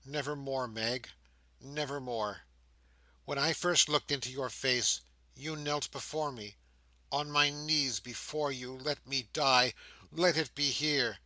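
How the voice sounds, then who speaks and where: A man's voice: mid-range voice, steady tone, slow pace, bright, forceful tone, no room sound, poor audio. A man reading an audiobook, voicing a fallen young woman who pleads with tremulous grief. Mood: anguished.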